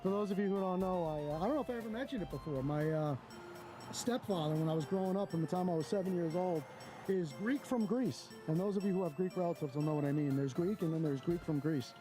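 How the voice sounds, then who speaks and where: A man's voice: high voice, fast talker, music in the background. A man doing blunt, mocking running commentary to his camera outdoors. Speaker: camera auditor filming police. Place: outdoors, near a parking lot.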